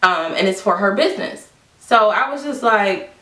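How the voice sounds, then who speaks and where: A woman vlogger casually telling a personal story to the camera, quoting people with lively, exaggerated voices. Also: medium pitch, normal speed. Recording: echoey room, mic at a distance.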